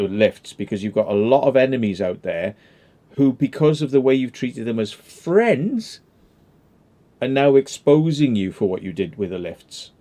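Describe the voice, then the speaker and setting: A man's voice: mid-range voice, warm tone. A man in casual chat who talks hesitantly, repeating words and swearing casually.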